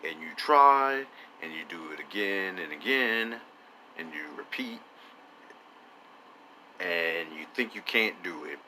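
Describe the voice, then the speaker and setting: A man's voice: low voice, expressive, slow pace, long pauses, a little hiss or hum, poor audio. A man doing gameplay commentary, rambling in absurd stream-of-consciousness musings full of rhetorical questions. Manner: rhetorical questions, drops to a whisper at times. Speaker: let's play commentator. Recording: loud music under the voice. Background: loud music.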